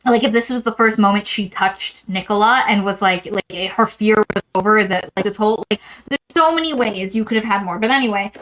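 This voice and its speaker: A woman co-hosting a book podcast, recapping a novel in a rambling, animated way and acting out quotes from it. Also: medium pitch, a little fast, poor audio. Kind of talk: casual book discussion.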